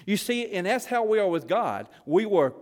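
Man, preacher, folksy storytelling, high-pitched, long hall reverb. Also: big pitch swings, moderate pace. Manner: folksy storytelling, Southern phrasing. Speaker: preacher, former missionary. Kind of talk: sermon. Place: church.

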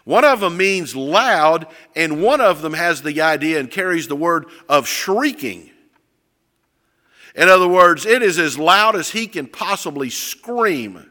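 A man delivering a sermon with a bright, lively, fairly high voice that climbs and falls as he tells the story. He acts out voices and breaks into shouts. His voice rings through a hall with a long reverb. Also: unhurried. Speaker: preacher.

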